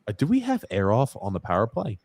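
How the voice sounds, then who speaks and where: A fast-talking man with a medium-pitched voice co-hosts a live hockey watchalong podcast. He reacts excitably to the plays and reads out comments from viewers.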